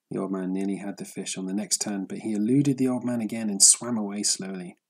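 A man narrating a story in a steady, measured audiobook reading. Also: fairly low pitch, breathy edge, low-quality recording.

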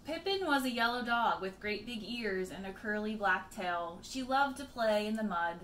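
A woman teacher reading a picture book aloud to children, expressive, with chatty asides to her pupils. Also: medium pitch, moderate pace, reverberant, a little hiss or hum.

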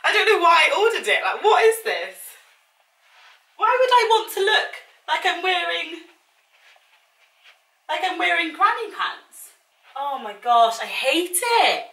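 This is a casual try-on haul from a vlogger, a woman in her twenties trying on clothes at home and sounding dramatic, exasperated and self-deprecating. Her very high voice is sing-song, bright and forceful, at a measured pace with frequent pauses. The mic is distant and the room echoes.

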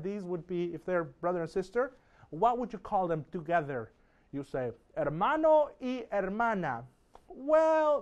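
A middle-aged man leads a recorded distance-learning lesson in a friendly, playful, chatty way. His voice sits on the higher side for a man. He slows right down to model each word. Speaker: Spanish teacher.

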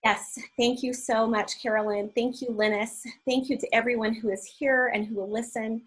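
A woman's voice: fairly high pitch, fairly even intonation, normal speed, a bit bright, slightly rough, rough recording. A woman on a video call, speaking in an earnest, heartfelt way, teary and emotional. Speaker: panelist giving prayer. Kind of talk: prayer and panel talk on video call.

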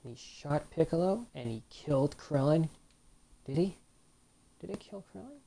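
Gaming host, woman, very low and gravelly, chatty play-by-play. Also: expressive, normal speed, warm tone. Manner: chatty, reacts to the game, reads on-screen text aloud. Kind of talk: let's play commentary.

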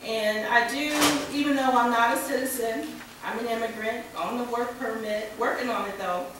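An American woman giving a conference keynote, slightly under the weather with a cold, speaking in a deliberate, measured way with touches of dry humor. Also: fairly high pitch, steady tone, fairly bright tone. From United States. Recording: echoey hall from far off, faint noise.

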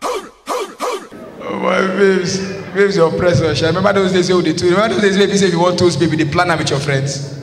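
A Nigerian-accented man tells a stand-up story, chatting along and acting out each line of dialogue. His fairly high voice rings through an echoey hall, with steady background noise underneath. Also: fast talker. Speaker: stand-up comedian. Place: large concert hall.

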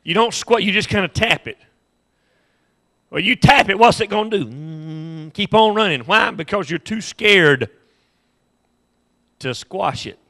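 A man's voice: high-pitched, animated, measured pace, pauses often, pushed and bright. A male pastor preaching a sermon with impassioned repetition and humorous storytelling.

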